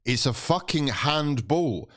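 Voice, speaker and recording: Hosting a live match watchalong, a young man is fed up, cursing constantly at players and referees. He speaks slowly in an animated, medium-pitched voice with a slightly bright tone.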